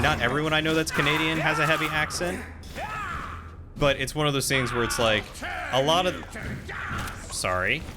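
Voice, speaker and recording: A man's voice: medium pitch, pushed and bright, a little hiss or hum. A man streaming a game live, chatting casually, reacting to the fight and answering chat. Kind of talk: live gameplay commentary.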